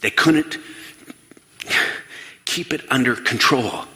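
A man giving a lively talk to an audience in a large hall. He asks the listeners questions and acts out the voices he quotes. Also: medium pitch, slow pace. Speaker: speaker addressing an audience. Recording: long reverb of a large hall.

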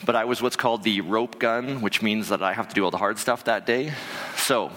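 A man telling a personal story to an audience, animated and conversational, with many fillers and restarts. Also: lowish voice, fairly quick, big-room sound. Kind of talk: live storytelling talk.

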